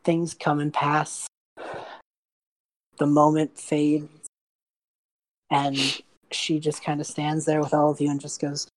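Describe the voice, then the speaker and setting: Mujer de voz grave narrando una partida de rol. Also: female voice, low voice, slow pace, long pauses, no room sound, poor audio. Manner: relaxed storyteller, many fillers like "just goes". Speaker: game master. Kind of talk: narrating a tabletop game.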